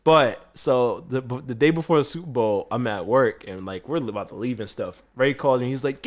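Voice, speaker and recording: A man's voice: medium pitch, brisk, hardly any pauses. Chef guy hosting a podcast, telling stories, laughing a lot. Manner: animated storyteller, laughs often. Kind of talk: casual podcast chat.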